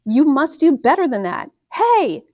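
A woman's voice: sits high, lively intonation, unhurried, no echo, studio quality, voice pushed up. Woman reader as a fierce teen girl, urgent and bossy, storybook fantasy. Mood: commanding. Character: fierce, commanding Norse teenage girl.

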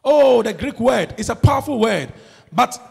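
A man preaching a sermon as pastor, swinging between loud shouts and low murmurs. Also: expressive, moderate pace, creaky, slightly rough. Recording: long hall reverb.

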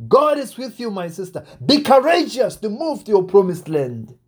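High-voiced preacher man, exhorting. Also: very animated, moderate pace, breathy edge. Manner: repetitive, exhorting, rising and falling emphasis. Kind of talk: sermon.

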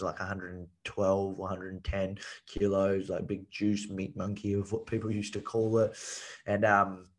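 Low, flat-voiced blunt man. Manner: blunt and swears freely, heavy use of "like" and "you know". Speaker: podcast guest, men's coach. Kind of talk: casual storytelling podcast chat.

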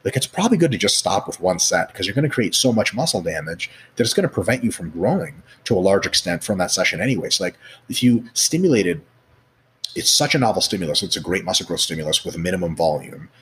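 A man with a low voice talks at a rapid clip as a guest expert. He is animated and swears freely, and he fills his speech with "like" and "you know" as he acts out little scenes. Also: slightly rough. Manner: profane, animated, acts out scenarios; many fillers like "like" and "you know". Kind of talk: casual explanatory chat.

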